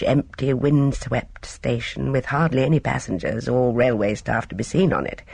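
A woman reading a novel aloud as a narrator, in measured storytelling. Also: extremely low pitch, darkish tone, slightly rough, dry recording. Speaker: audiobook narrator. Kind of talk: scripted narration.

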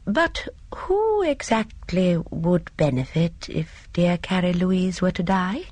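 A woman's voice: fairly low pitch, sing-song, slow pace, dry recording, exaggerated voice. Miss Marple, a woman doing a fluttery old spinster. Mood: fretful. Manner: hesitant, flustered, soft-spoken. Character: fussy elderly spinster sleuth, gentle, apologetic. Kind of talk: audiobook character voice.

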